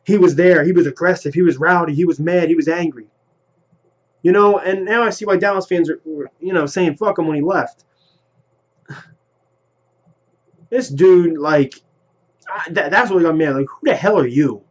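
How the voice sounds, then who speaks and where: A man delivering an angry, profane rant as a sports fan commentating on his team's trades. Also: fairly high pitch. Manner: heated, profane, rapid-fire ranting. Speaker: sports vlogger. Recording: lo-fi home recording.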